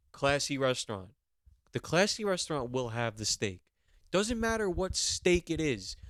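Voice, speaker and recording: Brash young man, smooth and dry. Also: mid-range voice, fairly bright tone, no room sound. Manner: brash, mock-instructive, profane. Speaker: podcast co-host. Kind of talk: comedic podcast rant.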